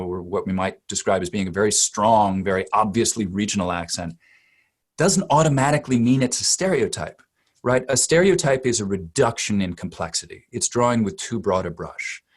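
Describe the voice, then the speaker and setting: A man working as a dialect coach, giving long, emphatic expert answers in an interview and often repeating words as he builds a point. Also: lowish voice.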